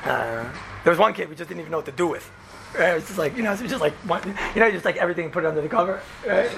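A man teaching a casual class as a rabbi, telling the story in an animated way and acting out the quoted lines, with lots of "right?" and "you know". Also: high-pitched, rapid-fire, creaky, a loud crowd. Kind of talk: casual classroom Torah lesson.

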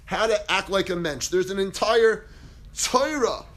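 A man teaching a Torah class as a rabbi, acting out quotes dramatically with big swings in pitch and volume. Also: animated, a little slow, a bit bright. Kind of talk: animated Torah lecture.

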